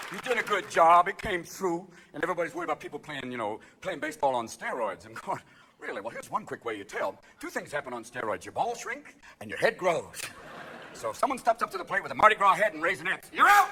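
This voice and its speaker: Manic, rapid-fire stand-up comic man. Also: fairly high pitch, sharp tone, a little hiss or hum. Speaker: stand-up comedian. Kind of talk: live stand-up routine. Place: theatre stage before a live audience. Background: audience laughter.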